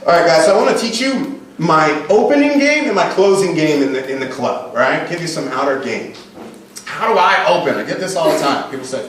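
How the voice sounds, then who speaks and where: A man coaching an audience at a live seminar, crude and animated, swinging between loud hype and low murmured demonstrations. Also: normal speed, noisy background. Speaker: dating coach speaking at a seminar. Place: event hall. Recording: distant echoey room recording with faint ambience.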